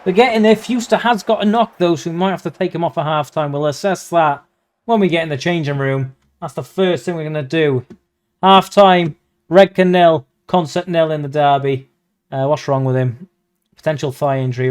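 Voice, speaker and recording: Excitable lad commentating a game. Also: male voice, fairly high pitch, moderate pace. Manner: excitable, yelps at near misses, swears casually. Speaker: gaming YouTuber. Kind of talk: live play-by-play commentary over a football management game.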